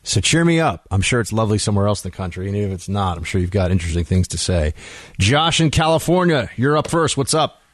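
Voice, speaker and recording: A man's voice: lowish voice, big pitch swings, quick pace, dry recording. A man hosting a talk radio show from a studio, chatting loosely with asides and restarts. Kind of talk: casual talk radio chat. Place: radio studio in New York. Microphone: studio microphone.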